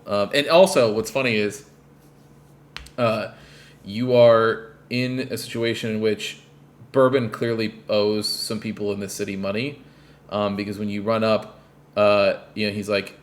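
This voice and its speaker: A man co-hosting a podcast in loose, casual chat. His voice sits on the low side, and he rambles along with plenty of fillers and the occasional swear word. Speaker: podcast co-host.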